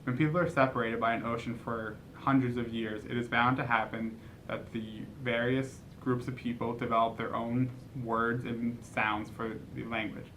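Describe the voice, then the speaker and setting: A man's voice: medium pitch, little pitch movement, normal speed, hardly any pauses, fairly bright tone, slight background noise, rough recording. A man narrating a school project in a plain, earnest read-aloud manner, with small restarts. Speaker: student presenter.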